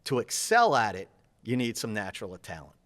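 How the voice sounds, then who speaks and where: A man with a lowish voice gives interview answers in his role as a public speaking coach, speaking quickly and energetically while gesturing.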